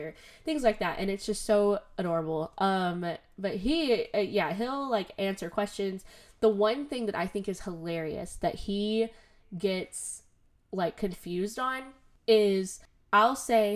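A woman's voice: medium pitch, normal speed. A young woman hosting a podcast from home in a chatty, casual way, with lots of fillers and frequent laughter. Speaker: podcast host.

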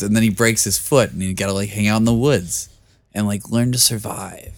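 A man's voice: on the low side, moderate pace, dry recording. A man co-hosting a casual podcast chat, rambling and laid-back, swearing casually. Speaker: podcast co-host.

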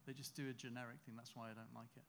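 A man chatting quickly as a guest on a podcast. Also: mid-range voice, little pitch movement. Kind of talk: casual chat.

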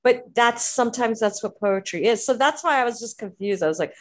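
A woman's voice: a little high, a little fast. Rambling, chatty woman host. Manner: rambling, full of "you know" and "like" fillers, laughing often. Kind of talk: casual chat.

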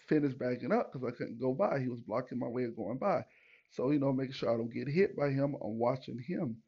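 A man hosting a podcast, telling a story in a casual, animated and profane way, acting out what people said. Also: medium pitch, highs cut off. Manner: animated, profane, retells with acted quotes. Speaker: podcast host.

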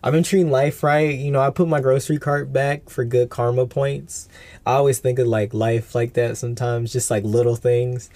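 A young man in a casual solo podcast, rambling loosely with slang and swearing. His pitch sits at an ordinary middle level for a man. The sound is dry and close, with no room echo. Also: steady tone, moderate pace, darkish tone. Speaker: podcast host.

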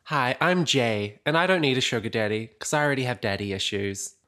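A man co-hosting a podcast, getting over a flu and sniffly, chatting casually with crude, deadpan jokes. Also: medium pitch, fast. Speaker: podcast co-host. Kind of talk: casual chat.

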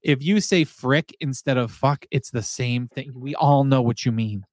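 A man hosting a casual livestream chat, excitable, repeating himself and laughing often. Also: mid-range voice, normal speed, dry recording. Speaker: podcast host.

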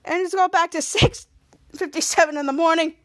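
Very high-pitched woman rambling through a recap. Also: fairly even intonation, fairly quick. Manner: rambling scene-by-scene retelling full of "cut to" and "he's like". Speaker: podcast host. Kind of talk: casual episode recap.

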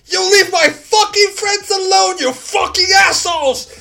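A man voicing a massive, crude young brute with a growly voice and a youthful way of talking, shouting and swearing. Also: very high-pitched, unhurried, creaky, pitched above the performer's own voice, exaggerated voice. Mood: enraged.

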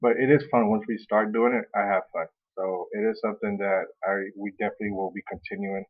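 A man with a lowish voice co-hosts a laid-back podcast. He talks in an animated, joking way and slips into quoted voices. The audio is thin and tinny, like a phone line. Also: fast. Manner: animated, acts out quoted voices, laughs often. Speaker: podcast co-host. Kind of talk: casual chat.

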